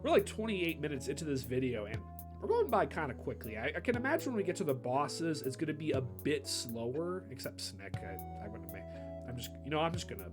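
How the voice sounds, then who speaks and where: A man's voice: fairly high pitch, big pitch swings. Young man rambling casual game commentary. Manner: rambling, many fillers and restarts, does quick impressions. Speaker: video host. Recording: background music over the voice.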